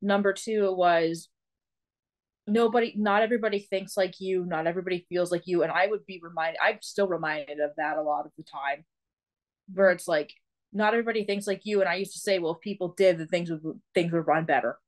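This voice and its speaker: A woman's voice: lowish voice, a little fast. Chatty, reflective woman co-host. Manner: chatty and reflective, laughs between thoughts. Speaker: podcast co-host. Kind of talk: casual chat.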